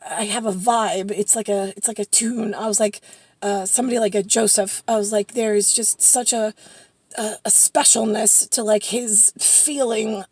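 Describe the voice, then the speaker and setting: Woman vlogger, rambling storyteller, breathy and a bit high, dry close sound. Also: no echo. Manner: chatty, full of fillers and quoted dialogue, excitable.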